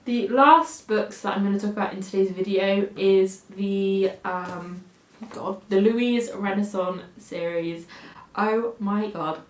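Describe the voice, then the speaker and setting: A woman in her twenties with a southern English accent talks casually to camera about her bookshelf. Her voice sits at an ordinary middle pitch, and she rambles in a chatty, self-deprecating way with plenty of fillers. The recording picks up a noticeably echoey room at home. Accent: English, Oxfordshire-Cambridgeshire area. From England. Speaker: book vlogger.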